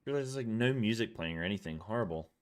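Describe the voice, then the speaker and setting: A man's voice: on the low side, fast talker, clean tone. A man streaming a game, out of breath, chatting casually with viewers and exclaiming at what happens on screen. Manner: excitable, exclaims at the game, talks to chat. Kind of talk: casual live-stream chat while gaming.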